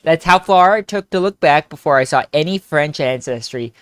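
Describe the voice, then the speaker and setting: A man's voice: on the high side, animated, normal speed, a bit bright, smooth, dry recording, clean studio sound. A young man streaming a story game with friends, joking, laughing and rambling in casual chat. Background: faint game music.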